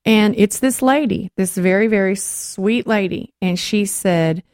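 A woman hosting a Christian talk show, telling a faith story in a lively way and acting out the voices she quotes. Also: medium pitch, unhurried, no echo, studio quality.

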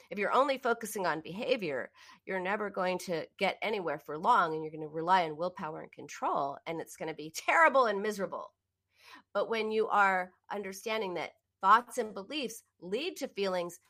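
A woman with a bright, clear voice gives a self-help talk on emotional eating. She speaks straight to the listener and is earnest and emphatic. Her pitch climbs when she stresses a point. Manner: speaks directly to the listener in second person. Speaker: binge eating coach.

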